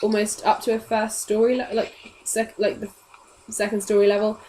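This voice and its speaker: A woman's voice: mid-range voice, completely flat delivery, normal speed, dark tone, a little hiss or hum, poor audio. A woman, narrating casually as the game master of a tabletop game. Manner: casual, chatty, laughs often.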